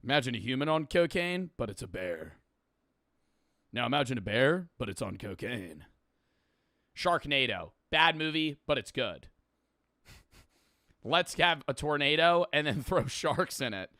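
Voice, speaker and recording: A man's voice: medium pitch, very animated, measured pace, pauses often, sharp tone, no echo, clean studio sound. A young man streaming and reacting to videos, rambling, laughing and swearing casually.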